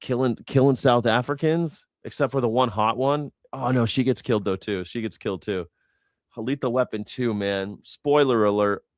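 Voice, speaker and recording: A man's voice: on the low side, no echo. Male streamer host, forties, sarcastic rambler, dry close sound. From Los Angeles. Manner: rambling, sarcastic, jokey asides. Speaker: host of a news reaction stream. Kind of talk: casual livestream commentary.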